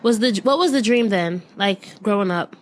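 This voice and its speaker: A woman's voice: medium pitch, animated, moderate pace. A woman hosting a podcast, chatting casually with short encouraging replies and easy laughter. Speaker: podcast host. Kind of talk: casual interview chat.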